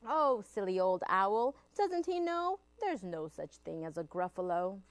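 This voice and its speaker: A woman's voice: mid-range voice, very animated, measured pace, no echo. A woman voicing a small, clever mouse in a storybook reading, speaking in a prim, matter-of-fact way. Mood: sly.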